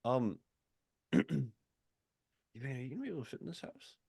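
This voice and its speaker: Male player, lively pitch, dry close sound. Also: fairly quick, gravelly, slightly rough, no room sound. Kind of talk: casual chat in a tabletop game.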